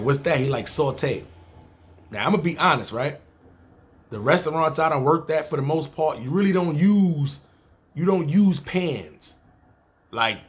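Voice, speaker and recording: A man with a New York accent telling a long personal story in a casual, profane, streetwise way, acting out other people's lines. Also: medium pitch. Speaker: storyteller, podcast host.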